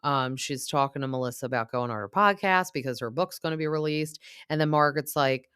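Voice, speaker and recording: A woman's voice: deep voice, a little fast, few pauses, a bit bright, clear, resonant tone, no echo, studio quality. A woman hosting a casual reality TV recap, gossipy and opinionated, with plenty of fillers. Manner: chatty, lots of fillers like "like" and "um".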